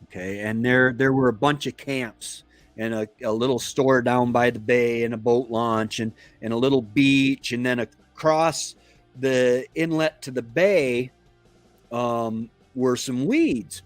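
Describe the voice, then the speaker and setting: A man from Florida who hosts a homestead live stream, telling a casual story in a meandering, halting way. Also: mid-range voice, no echo, faint music behind. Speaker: homestead channel host.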